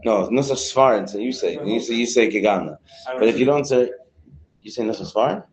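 A man's voice: on the low side, moderate pace, a crowd in the background, low-quality recording. Man teaching a Torah class. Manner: reads Hebrew lines, then translates into English; banters with students.

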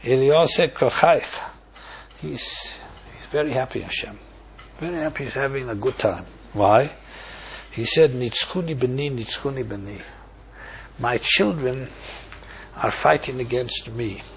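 A man teaching a Talmud passage as a lively story, quoting Hebrew and Aramaic lines and translating them. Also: mid-range voice, a little slow, gravelly, a little hiss or hum.

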